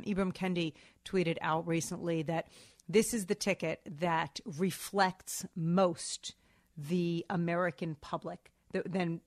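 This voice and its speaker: Woman talk show co-host, lower voice, chatty, opinionated, sarcastic news banter.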